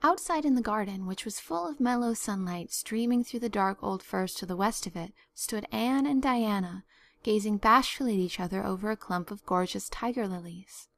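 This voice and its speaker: A woman narrating a story as an audiobook reader, measured and expressive. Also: medium pitch. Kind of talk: scripted narration.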